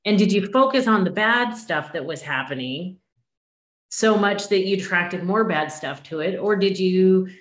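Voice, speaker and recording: Low-voiced woman host in her fifties. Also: moderate pace, reverberant. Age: 50s. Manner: earnest, affirming questioner. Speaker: podcast host. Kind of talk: interview conversation.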